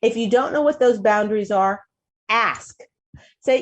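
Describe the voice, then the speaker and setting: A woman's voice: a little slow, long pauses, highs cut off. Chatty woman giving family advice. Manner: animated, acts out quoted lines in a higher voice; restarts sentences often, laughs a lot. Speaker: talk show host. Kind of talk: casual advice talk.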